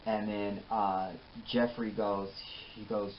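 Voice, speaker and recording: A man's voice: lowish voice, slow, a little hiss or hum. A man giving a casual, rambling recap of a TV episode and acting out bits of the dialogue. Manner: rambling, animated, acts out the dialogue. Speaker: TV recap host. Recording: dull lo-fi audio with faint ambience.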